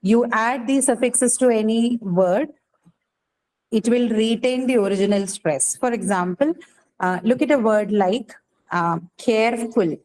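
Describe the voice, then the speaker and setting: In this rough recording, an English teacher with a somewhat high, mellow-edged voice lectures her class at an unhurried pace. She poses questions along the way and keeps checking understanding with "right?"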